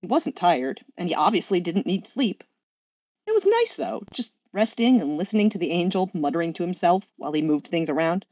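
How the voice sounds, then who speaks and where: A woman reading a story aloud with lively, expressive narration. Her voice is lowish but leaps around in pitch. The recording is dry and a little muffled, like a home mic. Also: brisk, no room sound. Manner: animated, expressive. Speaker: fanfiction reader.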